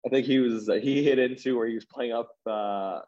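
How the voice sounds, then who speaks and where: A man's voice: mid-range voice, steady tone, moderate pace, a little mellow. Guy rambling thru a story, like like like, kinda muffled lo-fi audio. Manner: rambling, full of "like" and restarts, laughing at himself. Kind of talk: casual storytelling chat.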